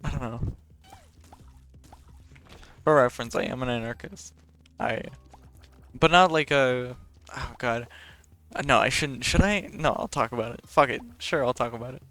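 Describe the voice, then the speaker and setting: A man's voice: medium pitch, normal speed, sharp tone. A young man, talking in a casual, rambling and profane way as a podcast host.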